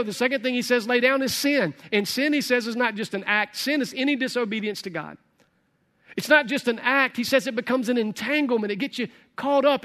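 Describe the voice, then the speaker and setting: A man's voice: high-pitched, fairly bright tone. A man preaching a sermon as pastor, conversational, with folksy asides to the congregation.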